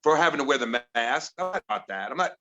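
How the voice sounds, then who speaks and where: A middle-aged man from Chicago doing a stand-up set, telling exasperated stories about his home life and mimicking his family in higher voices. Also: expressive, quick pace, sharp tone, lo-fi sound, slight background noise. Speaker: stand-up comedian. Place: comedy bar with audience.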